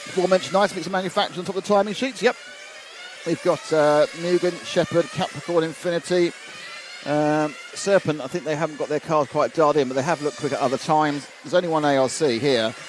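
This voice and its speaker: A man's voice: fairly high pitch, brisk. A man commentating live on a model car race, chatting and rambling through viewer comments at an outdoor track. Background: engine noise.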